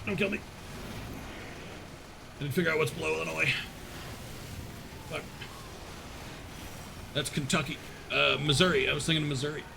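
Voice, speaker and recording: Male streamer, casual rambling chat with laughs, fairly high animated voice, audible background noise. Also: normal speed, vocal fry, long pauses. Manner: rambling, swears, laughs often; chats with unheard viewers, reads chat.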